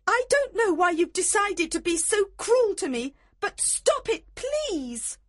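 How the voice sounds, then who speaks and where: A hurt young woman in a storybook reading, her voice shooting very high and leaping about as she pleads. A man acts her out. The sound is dry and close. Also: very animated, unhurried, dry recording, exaggerated voice. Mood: upset. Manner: pleading, upset.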